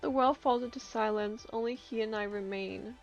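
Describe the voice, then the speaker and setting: A woman's voice: fairly high pitch, steady tone, normal speed, vocal fry, dull audio, soft background music. A woman streaming a story game, reading its narration aloud and breaking into laughs and outbursts.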